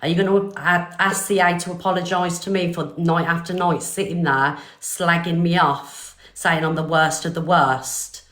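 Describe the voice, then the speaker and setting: A woman's voice: lowish voice, steady tone, normal speed, few pauses, fairly bright tone, reverberant. An older woman hosting a live stream, talking bluntly and defiantly with swearing. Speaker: livestream host.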